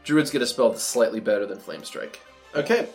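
Brief: male game master, brisk dry rules-caller, faint music underneath. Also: medium pitch, animated, darkish tone. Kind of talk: running a tabletop game.

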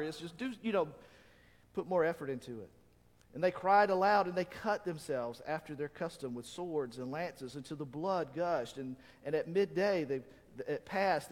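A man preaching a sermon as pastor, animated and acting out quoted voices. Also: on the high side. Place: church sanctuary. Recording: long reverb of a church hall.

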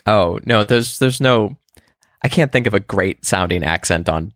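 A man with a low voice co-hosting a podcast, thinking out loud with halting, stumbling restarts. The sound is dry and up close. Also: animated, no echo. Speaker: podcast co-host. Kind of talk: casual chat.

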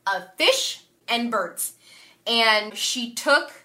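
A woman's voice: a little high, lively intonation, extremely slow, pushed and bright. A young woman co-hosting a podcast, casually retelling a history story with voiced quotes and swearing. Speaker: podcast co-host.

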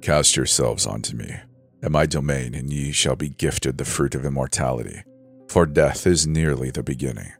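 A man voicing an ancient, hateful fungal god of rot, speaking in slow, grave pronouncements in a horror story. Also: a bass voice, vocal fry, pitched below the performer's own voice. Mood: menacing. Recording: faint music behind.

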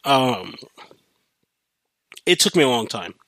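A man's voice: medium pitch, slow pace, dry recording. Profane young man ranting casually. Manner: animated, profane, rambling with restarts. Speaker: podcast host. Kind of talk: casual storytelling rant.

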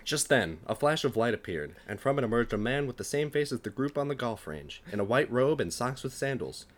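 A man's voice: medium pitch, sing-song, a little fast. A young man, a podcast co-host, reading his comedic fan fiction aloud, acting out the dialogue and laughing at his own jokes.

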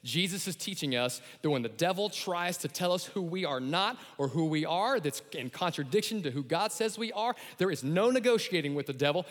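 A man preaching a lively sermon, acting out voices and shouting his key lines. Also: high-pitched. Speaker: pastor. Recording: long hall reverb.

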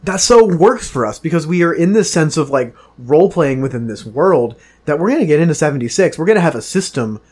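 Man, podcast co-host and game master, eager and rambling, pitch bouncing around. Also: animated, a little fast, hardly any pauses, a little mellow, slightly rough. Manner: enthusiastic, rambling with fillers. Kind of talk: casual gaming podcast chat.

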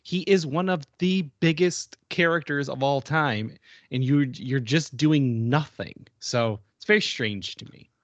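A man's voice: on the high side, unhurried, no room sound, lo-fi sound. A man co-hosting a podcast in a casual chat, laughing easily and trailing off with fillers. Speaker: podcast co-host.

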